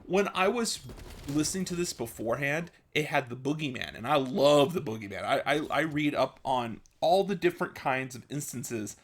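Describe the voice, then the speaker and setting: A man vlogging, retelling a story in a casual, excitable way with lots of fillers. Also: medium pitch, normal speed.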